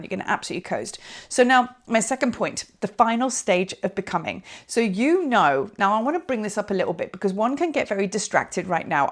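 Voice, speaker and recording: Woman, spiritual teacher, casual rambling monologue outdoors, animated. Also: medium pitch. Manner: chatty, rambling, animated, with laughs and trailing asides. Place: outdoors on a hilltop.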